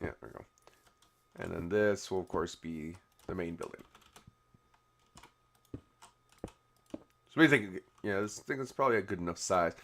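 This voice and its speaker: A man's voice: low-pitched, moderate pace, gravelly, pauses often, fairly bright tone. A man hosting a game video, chatting casually while he builds and answering viewer comments in a rambling way with many restarts. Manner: rambling, full of "you know" and restarts. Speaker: YouTube game host.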